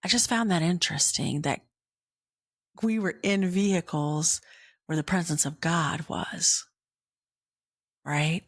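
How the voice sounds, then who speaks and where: A woman podcast host telling a personal faith story in an earnest way, often dropping into a hushed whisper. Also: lowish voice, dry recording, studio quality. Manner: earnest, slow, drops into whispers.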